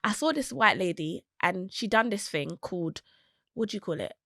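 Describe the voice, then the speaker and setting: Young woman, animated guest storyteller, dry booth sound. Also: mid-range voice, normal speed, vocal fry, dry recording. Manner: animated storytelling, acting out quotes. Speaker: podcast guest. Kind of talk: casual podcast conversation.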